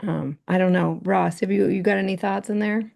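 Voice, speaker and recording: A woman's voice: mid-range voice, fairly even intonation, normal speed, gravelly, darkish tone. A woman talking casually in a writing workshop, quoting a story and drawing others into the discussion. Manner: chatty, quotes text, asks others in.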